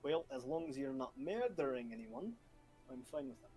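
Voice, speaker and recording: A man's voice: medium pitch, very animated, moderate pace, warm tone, soft background music, low-quality recording. A man running a tabletop game as game master, laid-back, laughing often and swearing casually.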